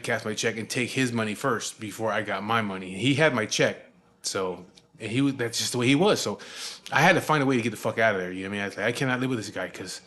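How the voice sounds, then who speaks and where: A man in his forties from Southern California tells a story in a loose, casual way. He swears often and keeps dropping fillers. His voice sits at an ordinary middle pitch. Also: a bit bright. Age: 40s. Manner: laid-back and profane, with frequent fillers.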